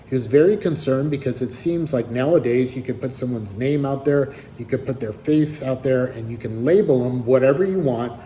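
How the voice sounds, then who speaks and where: Guy with a warm mellow voice telling a story casually, kinda dry and wry about it, faint noise behind. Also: mid-range voice, moderate pace, hardly any pauses, poor audio.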